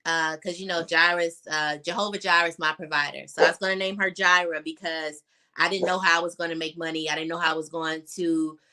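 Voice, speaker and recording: A young adult woman with a deep, level, bright and forceful voice talks a little fast as a guest on a video call. Candid and full of fillers, she tells her personal story and chokes up now and then.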